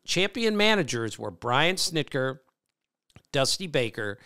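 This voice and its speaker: A man's voice: on the high side, very animated, measured pace, bright, forceful tone, clean tone. A middle-aged man hosting a podcast, telling stories in casual chat and laughing often. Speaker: podcast host, baseball reporter.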